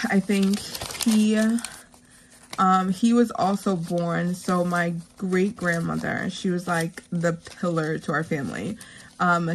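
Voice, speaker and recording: Slow-talking woman with a gravelly voice. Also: fairly low pitch, a little hiss or hum. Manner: rambling, heartfelt, frequent fillers, whispered counting. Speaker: savings vlogger. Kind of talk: casual chat while stuffing savings envelopes.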